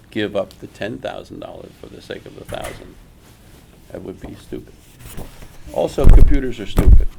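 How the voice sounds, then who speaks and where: An older man teaches comic art in a live workshop, addressing an audience in a school room. He tells stories emphatically and repeats words as he talks, in a deep, creaky voice, with background noise audible.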